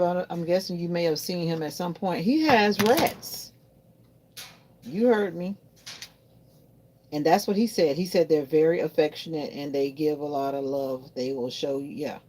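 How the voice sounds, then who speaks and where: A woman's voice: on the low side, fairly even intonation, moderate pace, dark tone. A woman chatting casually to her viewers while doing laundry at home, rambling from one thought to the next. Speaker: vlogger. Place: home in Florida.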